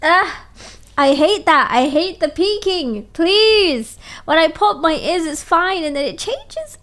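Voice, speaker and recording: A woman's voice: very high voice, lively intonation, measured pace, a bit bright. A woman streamer chatting casually and playfully, reading out viewer messages and teasing back at a desk mic.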